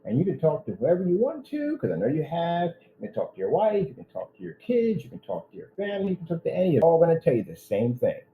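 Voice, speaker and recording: A man's voice: a little high, wildly swooping pitch, quick pace, few pauses, narrow, tinny audio. A man running his own business, ranting in a vlog with indignant threats aimed at one person. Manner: repetitive, addresses one person directly. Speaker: business owner.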